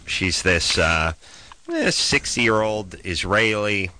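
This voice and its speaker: Brief: male host, sharp bright voice, lively swooping pitch, dry close sound, ranting storyteller. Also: slow pace. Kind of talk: casual chat.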